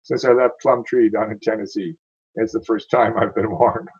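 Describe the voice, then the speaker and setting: A man reading Sam McGee, a calm dead prospector. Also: fairly low pitch, moderate pace, breathy edge, muffled recording.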